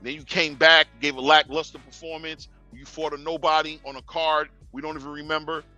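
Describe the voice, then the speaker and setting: A man's voice: fairly high pitch, little pitch movement, brisk, bright, forceful tone, muffled recording, faint music behind. A young man hosting a boxing talk stream in casual street slang, lecturing fighters directly and chuckling. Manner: slangy, talks straight to fighters, chuckling asides. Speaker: boxing show host.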